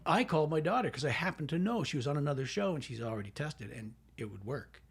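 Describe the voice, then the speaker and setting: A man's voice: on the high side, expressive, fast, breathy edge. A middle-aged man, a stunt coordinator in a casual podcast chat, retelling a work story in a matter-of-fact way.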